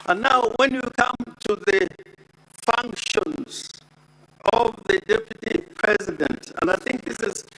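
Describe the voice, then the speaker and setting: A man making a formal legal argument before the Senate as counsel, deliberate and emphatic, repeating key words for weight. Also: sits high, vocal fry, sharp tone, rough recording. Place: Senate chamber.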